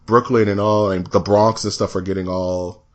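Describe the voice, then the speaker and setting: A man co-hosting a podcast in casual chat, animated and laughing often, slipping into mock voices when he tells a story. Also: lowish voice, normal speed. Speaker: podcast co-host.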